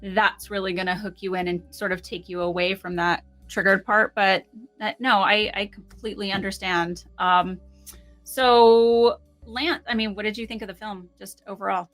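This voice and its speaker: Woman, podcast host, casual chat, warm affirming reactions, faint music in the background. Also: medium pitch, steady tone, moderate pace.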